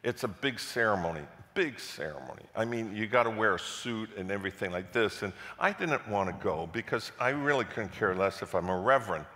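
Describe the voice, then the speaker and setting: Lively pastor preaching in an echoey church. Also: male voice, fairly low pitch, a little fast, hardly any pauses. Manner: animated storytelling, repeats words, rises to loud passionate peaks. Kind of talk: sermon storytelling. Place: church sanctuary.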